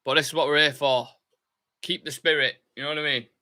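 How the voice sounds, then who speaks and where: A man's voice: a little high, brisk. A young man hosting a live football watchalong, chatting casually, reading out viewer comments and cheering on his team. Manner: chatty, reads viewer comments aloud, excitable bursts. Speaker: fan channel host.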